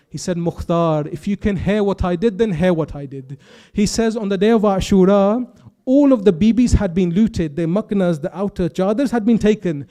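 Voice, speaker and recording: Young guy preaching, voice sits high and warm, tells the story with all the quotes, gets really intense. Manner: storytelling with quoted dialogue, rising to impassioned intensity. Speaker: speaker at a youth majlis. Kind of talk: emotional religious sermon narration.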